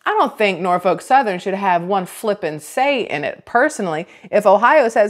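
A woman's voice: medium pitch, lively intonation, normal speed, few pauses. A woman, giving casual vlog commentary in a chatty, sarcastic, rambling way full of restarts. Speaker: vlogger.

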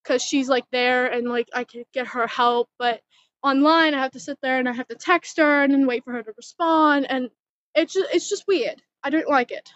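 A teenage girl vlogging outdoors at home, chatting in a rambling, giggly, excitable way into a handheld phone. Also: high-pitched, moderate pace, no room sound. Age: teens. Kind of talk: casual chatty vlog. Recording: dull, muffled phone audio.

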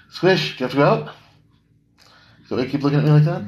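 A man singing to his own guitar on a live stream, then chatting fast and loosely, swearing and laughing between songs. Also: medium pitch, big pitch swings, rough recording. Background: guitar and music.

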